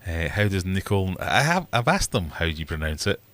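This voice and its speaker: A middle-aged man chats loosely on a livestream in a deep, low voice. He wanders from story to story, jokes at his own expense, and slips into quick impressions of the people he talks about. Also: big pitch swings, fairly bright tone. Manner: rambling and jokey, acting out other people's voices; self-mocking asides. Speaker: livestream host. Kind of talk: casual livestream chat.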